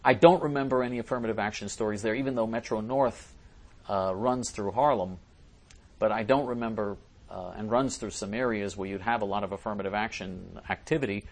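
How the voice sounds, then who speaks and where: A man's voice: lowish voice, fairly even intonation, fairly quick. A man hosting a talk show, reading listener messages aloud and answering them in an emphatic way, often repeating and restarting his phrases. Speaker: host.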